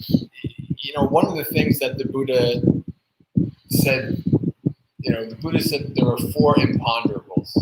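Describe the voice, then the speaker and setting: A man's voice: medium pitch, roomy sound, very noisy. A man, a Buddhist monk, answering a viewer's question in a thoughtful, hesitant way with many fillers. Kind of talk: live Q&A dharma talk.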